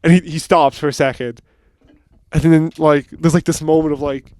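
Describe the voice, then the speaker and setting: A man's voice: a little high, steady tone, normal speed, a little mellow, clear, resonant tone, dry recording. A young man co-hosting a podcast, telling rambling jokey stories and swearing casually. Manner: joking, rambling storyteller, swears a lot. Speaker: podcast co-host. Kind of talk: casual chat.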